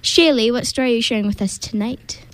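A woman hosting a community radio show, reading announcements in a measured, deliberate and upbeat way from a studio microphone. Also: a little high, a bit bright, no echo, low-quality recording.

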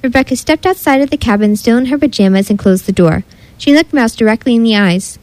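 A woman reads a children's story aloud with an expressive, animated delivery. Her voice sits fairly high, and the recording is dry and close. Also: brisk, no echo, low-quality recording. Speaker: narrator. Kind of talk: storybook narration.

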